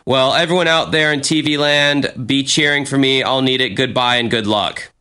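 A man's voice: mid-range voice, fairly even intonation, normal speed, bright, forceful tone, clean tone. A young American man reading his old journal aloud with a friend, self-mocking and swearing freely. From United States. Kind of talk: casual chat reading aloud.

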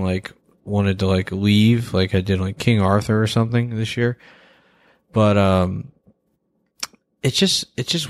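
Guy with a lowish voice ranting casually about movies, lots of "like", dry close sound. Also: no echo. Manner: rambling, blunt, heavy on fillers, swears. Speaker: podcast co-host. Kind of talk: casual movie-review chat.

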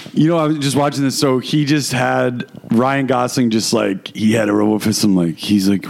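A man's voice: mid-range voice, fairly even intonation, moderate pace, vocal fry, hardly any pauses, darkish tone. A man in casual, profane banter, joking around and slipping into silly voices.

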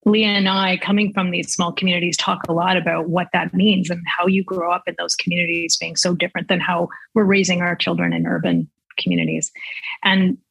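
A woman's voice: on the low side, level tone, fairly quick, creaky, fairly bright tone, slightly rough, no room sound, rough recording. A woman host from Saskatchewan, Canada, speaking earnestly to a guest and often restarting her sentences. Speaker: podcast host. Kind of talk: conversational interview.

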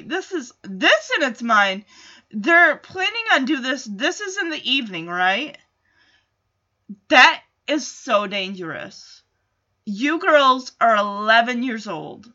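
A woman's voice: sits high, sing-song, slow, bright, forceful tone, lo-fi sound. A woman in a casual, chatty recap of a TV episode. She acts out the characters' lines as she goes, with lots of "like" and side comments. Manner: chatty, quotes characters, frequent "like" and asides.

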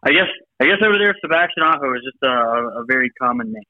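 A man's voice: medium pitch, expressive, quick pace. A male guest calling into a sports radio show who tells laid-back stories and laughs often. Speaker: guest on the phone line. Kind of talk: casual sports radio chat. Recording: dull lo-fi phone line.

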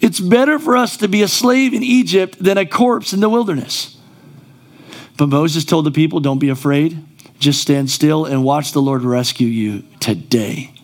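A man's voice: fairly high pitch, normal speed. A male pastor preaching a sermon in a church, conversational and then rising to emphatic exclamations.

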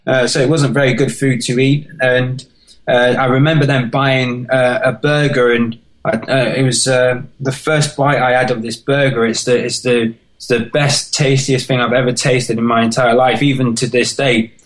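British guy opening up about his past, halting and earnest, voice sits mid pitch. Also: flat delivery, rough recording. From United Kingdom. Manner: earnest, halting, emotional storytelling. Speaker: podcast guest, marathon runner. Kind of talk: personal life story in an interview.

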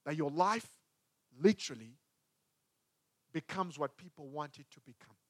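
A man preaching a sermon as a pastor, with emphatic delivery that swings between loud and hushed. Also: fairly high pitch, expressive, moderate pace, long pauses, no room sound, clean studio sound.

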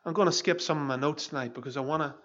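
A man's voice: on the high side, very fast, a bit bright, lo-fi sound. A pastor in his fifties preaching an earnest, emphatic sermon. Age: 50s.

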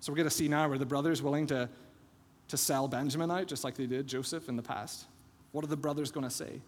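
A man's voice: a little high, fairly even intonation, quick pace, slightly rough. Earnest man preaching in a reverberant church. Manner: earnest expository preaching that retells scripture scenes. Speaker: pastor. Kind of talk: sermon. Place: church sanctuary. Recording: long church hall reverb.

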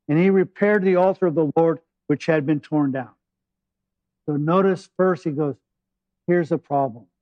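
High-voiced animated male preacher. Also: no room sound, highs cut off. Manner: animated storytelling preacher, paraphrasing scripture with humor. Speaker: pastor. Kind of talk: sermon.

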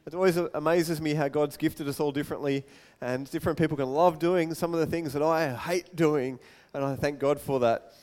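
A male pastor preaching a sermon in a chatty, animated way with light self-deprecating humour and quick asides. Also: on the high side.

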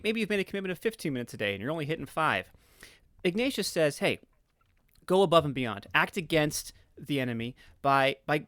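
A podcast guest, a man with a Philadelphia accent, explaining with earnest energy. He stumbles through repeated words and fillers as he builds his points. His voice sits at a middle pitch, recorded dry and close. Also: a bit bright, dry recording. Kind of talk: explaining in casual conversation.

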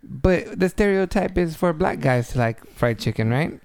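Man, gravelly voice, interrupting co-host, casual chat, dry close sound. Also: on the high side, lively intonation, normal speed, a little mellow, dry recording. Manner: interrupting, questioning, laughs often. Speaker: podcast co-host.

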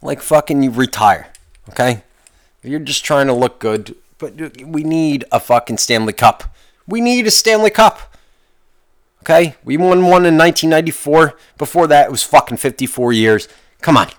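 A man's voice: medium pitch, moderate pace, no echo, studio quality. A man hosting a solo podcast, rambling and complaining in a profane, exasperated way, often restarting his sentences. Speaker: podcast host.

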